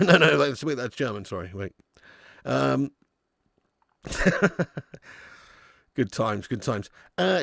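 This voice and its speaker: A man's voice: medium pitch, lively intonation, takes it slowly, vocal fry, pauses often, a bit bright, no echo, clean studio sound. A man hosting a live football watch-along, chatting casually, reading out viewer messages and laughing often. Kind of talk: casual live match commentary.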